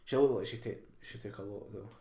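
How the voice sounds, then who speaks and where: A man's voice: fairly low pitch, quick pace, vocal fry, dark tone. Sweary young man telling stories. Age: young adult. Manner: sweary, laughing storyteller. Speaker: podcast co-host. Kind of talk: casual chat. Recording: roomy with faint noise.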